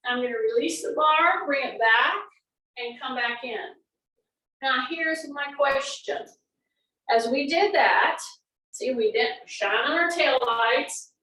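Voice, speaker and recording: A woman's voice: sits high, slow, sharp tone, far from the mic. A woman fitness instructor, coaching a class through exercises and repeating cues. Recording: echoey room, away from the mic.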